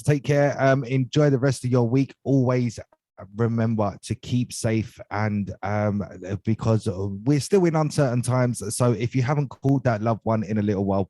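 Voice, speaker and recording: A man with an English accent co-hosts a casual talk show, full of cheeky jokes. His voice is low and mellow. The sound is close and dry. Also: normal speed, no echo. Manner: jokey, cheeky, friendly. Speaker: co-host. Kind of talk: casual podcast chat.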